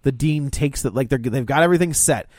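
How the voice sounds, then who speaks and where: A man's voice: medium pitch, fast talker, darkish tone, no echo. A man co-hosting a casual movie podcast, walking through a film's plot in loose, rambling sentences. He stops and restarts often and drops in laughing asides, recorded dry and close to the microphone. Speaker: podcast co-host. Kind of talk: casual movie recap chat.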